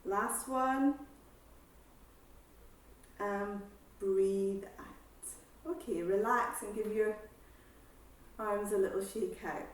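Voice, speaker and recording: A woman exercise instructor calmly guiding a seated breathing class, with slow breath cues and counting. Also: mid-range voice, a little hiss or hum. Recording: echoey room, voice from far off.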